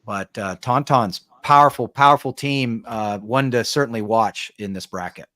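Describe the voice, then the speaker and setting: A man's voice: mid-range voice, normal speed, sharp tone, dry recording. Dry-sounding man breaking down paintball teams. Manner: conversational, tag questions, frequent fillers. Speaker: paintball coach and show panelist. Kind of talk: casual podcast analysis.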